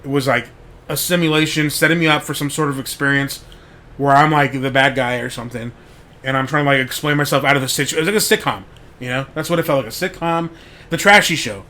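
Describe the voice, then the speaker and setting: Bright-voiced man telling rambling stories. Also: medium pitch, fast talker. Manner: rambling, heavy on "like", swears freely. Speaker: podcast host. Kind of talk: casual storytelling monologue.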